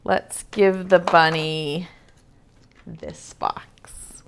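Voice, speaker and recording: A woman teaching preschool over a video call, reading a picture book aloud in a gentle, playful way and asking the children questions. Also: lowish voice, fairly even intonation, drawn-out words, smooth.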